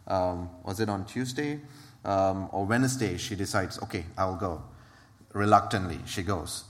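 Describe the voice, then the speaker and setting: A man's voice: sits low, moderate pace, fairly bright tone. A man from Malaysia telling a church testimony, hesitant, with many fillers and restarts. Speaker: ministry worker. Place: church hall. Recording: reverberant hall.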